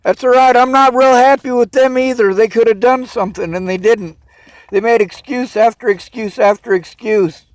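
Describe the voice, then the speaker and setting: High-voiced man in a bitter rant. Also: normal speed, dry recording, poor audio. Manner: bitter, swearing, vents in outbursts. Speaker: vlogger. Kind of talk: angry personal rant to camera.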